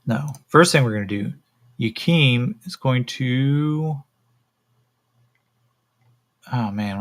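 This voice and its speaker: A man running a solo tabletop role-playing game on a stream, relaxed and thinking aloud with a lot of fillers and swearing. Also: medium pitch. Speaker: solo game master and player.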